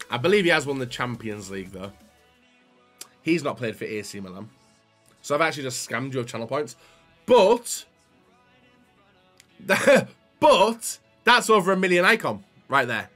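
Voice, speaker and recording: A young man doing excitable pack-opening commentary, often yelping and shouting while talking straight to his viewers. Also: medium pitch. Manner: excitable, yelps and shouts at the screen; talks to viewers as "guys". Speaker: YouTuber.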